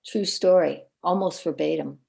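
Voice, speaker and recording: A woman speaks as a podcast guest, her voice low-set and mellow. She tells personal stories with an earnest, animated delivery and often stumbles over repeated words. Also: normal speed, creaky. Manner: earnest, animated storyteller with frequent word repeats. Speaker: guest coach and minister. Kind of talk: personal storytelling in a podcast interview.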